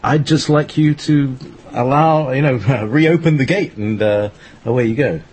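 A man hosting an internet radio talk show, slow and rambling with many fillers. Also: medium pitch, a little mellow, breathy edge. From Scotland. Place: home studio in northern Scotland.

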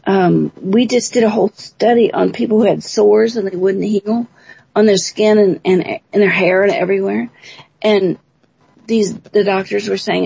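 A woman's voice: medium pitch, fairly even intonation, normal speed, vocal fry, dark tone, slightly rough, lo-fi sound. A woman, a guest on a radio interview, giving long, talkative explanations of her research and program. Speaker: guest, bioacoustics researcher and teacher.

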